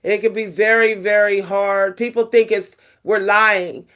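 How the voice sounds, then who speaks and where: A woman's voice: mid-range voice, steady tone, a little slow, a bit bright. A middle-aged woman vlogs about self-care in a loose, frank, conversational way. She rambles, restarts her thoughts and leans on fillers as she talks straight to her viewers. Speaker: vlogger.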